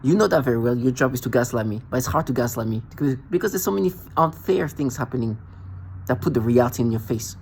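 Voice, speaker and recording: A vlogger with a mid-range, creaky, slightly mellow voice talks fast with lively intonation, ranting in an angry, accusatory monologue. He stays confrontational throughout, hammering the same points repeatedly over a faint background hum.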